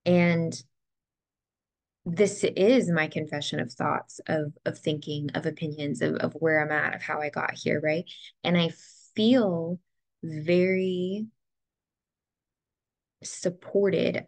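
A young woman talking to the camera in a reflective personal vlog, soft and heartfelt, near tears at times. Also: low voice, steady tone, takes it slowly, pauses often, no room sound. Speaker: vlogger. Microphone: ring light setup, camera close to face.

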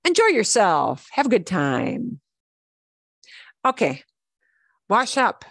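Slow patient lady teaching spanish, dry close sound. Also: medium pitch, huge pitch swings, no room sound. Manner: patient, repeats words slowly for learners. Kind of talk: online language lesson.

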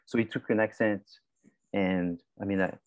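A man's voice: fairly low pitch, fairly even intonation, normal speed, no echo. A male marketing professor giving a conversational class lecture, asking and answering his own questions.

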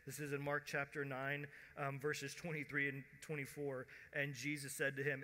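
A man preaching a sermon as pastor, conversational, acting out quoted voices and dropping to a hush at tender moments. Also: a little high, level tone, brisk, hardly any pauses. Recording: long church hall reverb.

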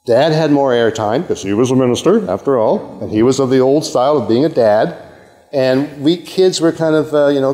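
An older man from Canada delivers a university lecture at a middling pitch, often restarting his sentences and tossing in asides and an "okay?" to his listeners. His voice carries a long reverb from the lecture hall. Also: dark tone. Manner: rambling, self-interrupting, with frequent okays and asides. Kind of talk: academic lecture.

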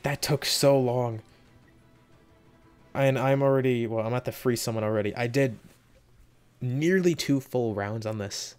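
Male gaming creator, casual chatty commentary, mid-pitched, faint background music. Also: unhurried, long pauses, clear, resonant tone. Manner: excitable, talks to himself while waiting.

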